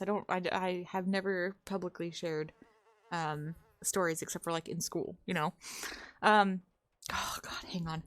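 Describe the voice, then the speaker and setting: A woman streaming a roleplay game, chatting casually and reading a story aloud in a relaxed, conversational way. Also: fairly low pitch.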